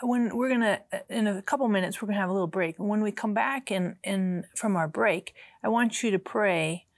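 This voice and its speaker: A woman's voice: mid-range voice, moderate pace, no room sound. A woman hosting a Christian talk show, setting up a prayer segment before a break.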